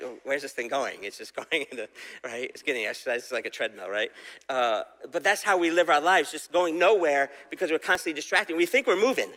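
A man's voice: fairly high pitch, fairly bright tone, big-room sound. A man giving a casual, conversational sermon, retelling a Bible story and asking the audience questions. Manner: conversational, asks the audience questions, acts out quoted voices. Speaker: preacher.

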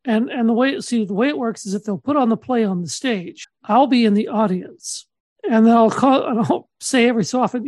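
A man from Saskatchewan co-hosting a comedy podcast, deadpan and halting with many restarts. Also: extremely high pitch, no room sound. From Saskatchewan, Canada. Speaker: podcast co-host.

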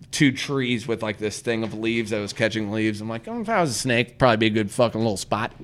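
A man hosting a podcast, telling a rambling camping story in casual, profane chat and acting out his own lines. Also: fairly low pitch. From Missouri. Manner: profane, animated, acts out his own voice in quotes. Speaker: podcast host.

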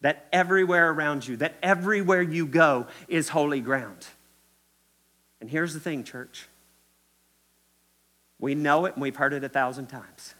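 A male pastor from Kentucky preaches in his Kentucky accent, his voice bright and sharp. He leans on repetition and speaks straight to the congregation in a church. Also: fairly high pitch. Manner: emphatic, repetitive, addresses the congregation directly. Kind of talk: sermon.

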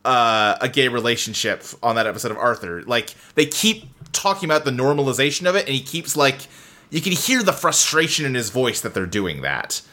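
A man's voice: mid-range voice, animated, brisk, sharp tone. A man hosting a casual podcast chat, talking animatedly with many fillers and restarts. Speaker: podcast host.

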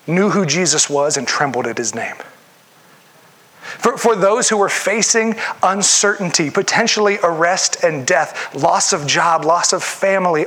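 A man delivering a sermon in a casual, conversational tone. His voice sits a little higher than most men's, and he slips into acted voices whenever he quotes someone. He talks the way a pastor talks to his own congregation. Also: fairly bright tone.

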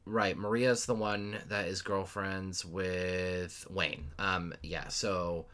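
A man with a very low, forceful voice talks loosely through a film's plot, stumbling over fillers and restarts and dropping the odd swear. He turns animated and louder as the story heats up, a casual podcast co-host. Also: takes it slowly. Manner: animated retelling with sudden loud bursts. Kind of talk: casual chat recapping a movie.

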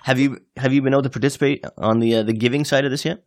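A man co-hosting a podcast in casual chat, teasing with drawn-out questions. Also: medium pitch, steady tone.

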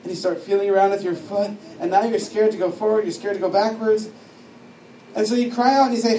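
Chatty high-voiced man teaching in an echoey hall. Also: normal speed, mellow. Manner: chatty, digressive, laughs often. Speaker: teacher at a discipleship school. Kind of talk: informal teaching talk. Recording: echoey room, distant mic, faint noise.

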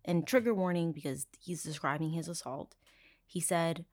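A woman hosting a true crime podcast, telling the story in casual chat. She is profane and sarcastic, laughs a lot, and swings from loud outrage to low asides. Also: normal speed. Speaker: podcast host.

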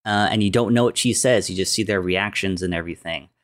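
A man's voice: low-pitched, fast talker. A man casually retelling a film plot, rambling with many restarts and fillers, acting out the characters' lines. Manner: rambling, lots of "like" and restarts, acts out quotes.

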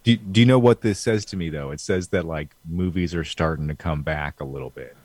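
Very deep-voiced joking man. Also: brisk, a little mellow, dry recording. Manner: joking, wry. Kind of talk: casual chat.

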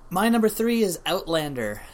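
A man's voice: high voice, big pitch swings. A man co-hosting a podcast, talking about movies with enthusiasm and dry humor. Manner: quick, enthusiastic, dry jokes. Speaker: podcast co-host. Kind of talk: casual movie chat.

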